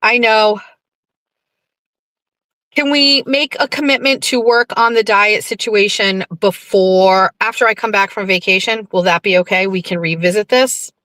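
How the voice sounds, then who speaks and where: A woman's voice: medium pitch, steady tone, measured pace, pushed and bright, no echo. Chatty, swearing New woman host. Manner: chatty, rambling, swears freely. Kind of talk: casual chat reading viewer comments.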